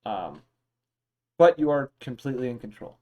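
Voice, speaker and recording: Relaxed young man narrating as game master. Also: medium pitch, moderate pace. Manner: relaxed, meandering narration with fillers. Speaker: dungeon master.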